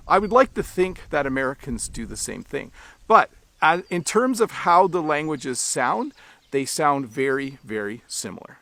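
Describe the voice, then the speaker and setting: A Canadian man teaching English online, explaining clearly and at a measured pace for learners. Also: fairly high pitch, fairly bright tone, dry recording.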